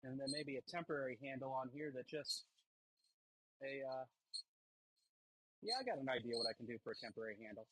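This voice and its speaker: A man hosting a live stream from his smithy, chatting casually and rambling with pauses and fillers while he works on a blade. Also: mid-range voice, lively intonation, a bit bright, slight background noise, rough recording. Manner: rambling, thinking aloud between tasks, halting with fillers. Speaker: blacksmith livestream host. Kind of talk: casual chat while forging. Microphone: wireless transmitter mic.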